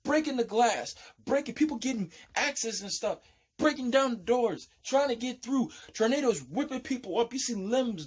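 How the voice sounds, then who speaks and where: A man rambling excitedly through a dream he had, acting out screams and humming a tune, with occasional low-voiced rapping. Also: moderate pace, a little hiss or hum. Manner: animated, breathless, acts out screams and hums a tune; raps in a low steady voice. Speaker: vlogger recounting a dream.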